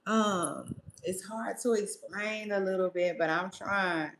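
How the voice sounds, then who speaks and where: A woman's voice: mid-range voice, slow, a bit bright, echoey room. A woman chatting casually with viewers as a podcast host, laid-back and laughing, with slangy talk.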